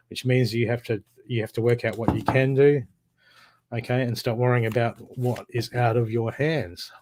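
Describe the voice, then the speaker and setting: A man's voice: medium pitch, noisy background. A man doing live tarot card readings, talking in a casual, encouraging way and repeating himself as he gives pep talks. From Australia.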